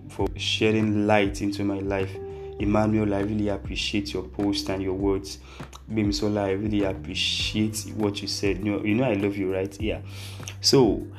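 A man's voice: on the low side, a little mellow. A young man, talking earnestly and reflectively to his viewers, often restarting his sentences. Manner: earnest, repetitive restarts, pleading. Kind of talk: reflective personal talk to camera.

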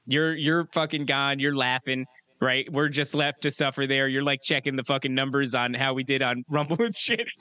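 A young man co-hosting a podcast, telling crude, animated stories with bursts of laughter. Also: fairly high pitch, dry recording. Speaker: podcast co-host. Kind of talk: casual podcast chat.

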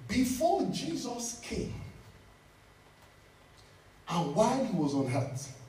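Animated preacher in an echoey church. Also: male voice, high-pitched, slow, slight background noise. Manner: animated, repeats phrases for emphasis, laughs while speaking. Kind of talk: sermon. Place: church hall. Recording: echoey church from a distant mic.

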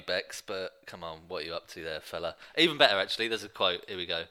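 A man co-hosting a podcast in casual chat, playful and quick to laugh. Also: sits low, lively intonation, pushed and bright, clean tone. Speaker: podcast co-host.

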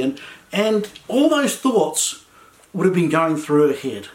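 A man's voice: on the high side, very animated, slow. A male pastor preaching a sermon in a conversational, enthusiastic way, with frequent restarts. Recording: echoey room.

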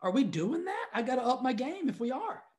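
A fitness studio owner telling viewers a story in a casual, exasperated rant, talking straight to the camera. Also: male voice, extremely high pitch, big pitch swings, fairly quick, darkish tone.

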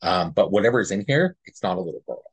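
A man's voice: low voice, animated, fast, slightly rough, no echo. A man co-hosting a podcast, earnestly telling a personal story in a rambling, casual way and often checking in with "right?". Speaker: podcast co-host.

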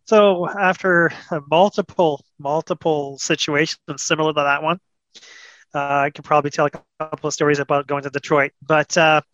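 A man's voice: on the high side, no room sound. Man with a muffled, dull-sounding mic. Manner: relaxed, halting, with fillers. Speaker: podcast guest. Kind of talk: casual conversation.

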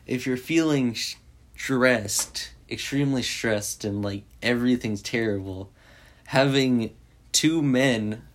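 A man casually recapping a movie in a rambling way, full of "like" and restarts. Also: lowish voice. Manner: rambling, heavy use of "like". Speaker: movie reviewer.

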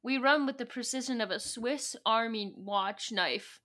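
A woman's voice: fairly high pitch, a little slow, pushed and bright. A woman voicing a scheming, smug young woman villain, speaking with sly, mock-sweet persuasion in a podcast retelling. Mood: smug coaxing.

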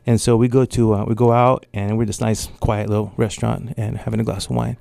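A middle-aged man from Mexico, an artist telling animated stories in an interview and acting out what others said. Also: fairly low pitch, brisk, creaky, no echo. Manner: animated storyteller acting out quotes. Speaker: artist and guest. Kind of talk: storytelling interview.

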